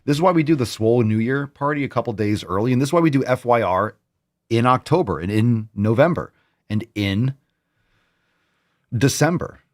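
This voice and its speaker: A man's voice: medium pitch, normal speed. A man hosting a fitness vlog, joking and swearing in casual talk. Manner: profane, joking, animated. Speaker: fitness podcast host.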